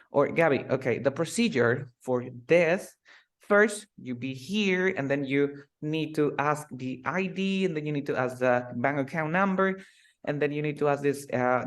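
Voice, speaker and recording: A man teaching English, who slows down to drill phrases and then speeds up to explain. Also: a little high. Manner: switches between slow drilled phrases and fast explanations. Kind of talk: live online English lesson.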